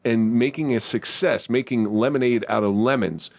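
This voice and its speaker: A man's voice: medium pitch, moderate pace. A man hosting a podcast in casual chat, joking and emphatic. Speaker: podcast host.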